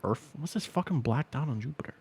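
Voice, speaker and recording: A man's voice: medium pitch, lively intonation, quick pace, darkish tone, a little hiss or hum. A man co-hosting a casual podcast chat, joking dryly and teasing while swearing. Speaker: podcast co-host.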